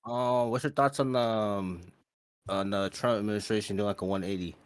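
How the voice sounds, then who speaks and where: Male caller, low and teasing, distant call audio. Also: steady tone, normal speed, smooth, dry recording. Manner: teasing, drawling, hesitant. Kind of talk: casual chat over a voice call.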